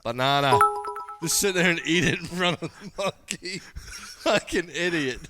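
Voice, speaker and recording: A man's voice: fairly high pitch, moderate pace, soft background music. A man streaming and reacting to videos in casual, crude commentary, laughing often between jokes. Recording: loud background noise.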